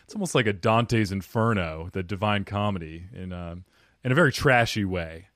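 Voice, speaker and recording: A man's voice: fairly low pitch, normal speed, fairly bright tone, no echo, clean studio sound. A man hosting a podcast, chatting playfully with his guest and laughing often. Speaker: podcast host. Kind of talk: casual podcast interview.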